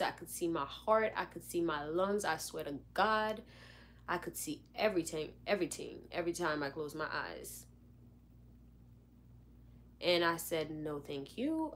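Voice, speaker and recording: A young woman telling a story in a casual, animated way, acting out what people said. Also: on the low side. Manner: animated, dramatic retelling with lots of "like". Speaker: vlogger.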